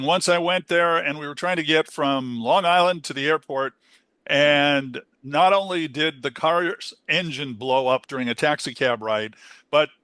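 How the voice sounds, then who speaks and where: A man's voice: a little high, bright, forceful tone, clear, resonant tone, no echo, studio quality. A man co-hosting a podcast, chatty and playful, asking questions and plugging the show. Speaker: podcast co-host. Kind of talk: casual podcast chat.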